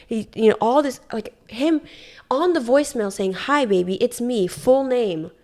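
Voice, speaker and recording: A young woman, a podcast guest, telling a story in casual chat, animated and swearing often, acting out what people said. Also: fairly high pitch, moderate pace. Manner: animated retelling, heavy swearing, acts out quotes. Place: Hawaii.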